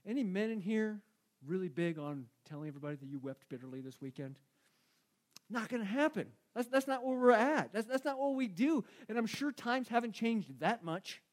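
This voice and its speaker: High-voiced male preacher, emphatic. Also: expressive, normal speed. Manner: conversational, emphatic, repeats key phrases. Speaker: pastor. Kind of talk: sermon.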